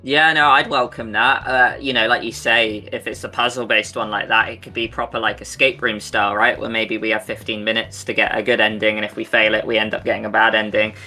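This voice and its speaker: A man's voice: lowish voice, little pitch movement, a little fast, hardly any pauses, pushed and bright, faint music behind. A man co-hosting a podcast, chatty and enthusiastic, with casual swearing. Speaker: podcast co-host. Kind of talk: casual Q&A chat.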